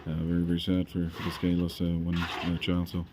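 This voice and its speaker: A man's voice: low-pitched, monotone, fast talker, heavy background noise. A man chatting casually as a vlogger, rambling and hesitant, with many fillers and repeated words.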